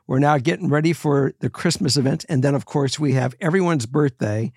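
Brief: gravelly male podcast co-host, playful and excitable, dry close sound. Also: a little high, a little fast, dry recording. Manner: bursts into loud excited shouting, then chatty and playful. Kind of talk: excited casual podcast chat.

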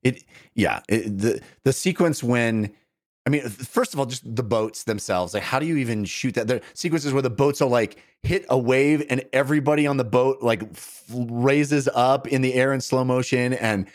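A middle-aged man co-hosting a film podcast, talking in an animated, gushing way and trailing off mid-sentence. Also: mid-range voice, moderate pace. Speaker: podcast co-host. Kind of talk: casual film review chat.

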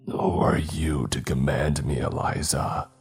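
A man voicing a pale, ancient female graveyard spirit with a raspy, sneering, slow and menacing delivery over faint music. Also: extremely low pitch, full character voice.

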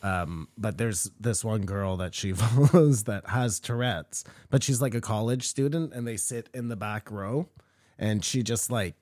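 A man's voice: lowish voice, unhurried, darkish tone, dry recording. Laid-back male podcast co-host, dry sound. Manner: laid-back, crude humor. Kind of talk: casual podcast banter.

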